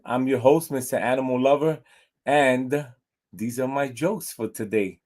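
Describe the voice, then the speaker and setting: A man who hosts a pet show from his home and talks to camera in a loose, rambling way, full of fillers and asides. His voice sits at an ordinary middle pitch and moves at an unhurried, slow pace. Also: darkish tone. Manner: rambling and casual, with many fillers. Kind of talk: casual vlog chat and joke telling.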